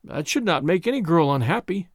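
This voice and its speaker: A man voicing a soothing, fatherly suitor who speaks gently and a little haltingly. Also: fairly high pitch, lively intonation, no echo, clean studio sound.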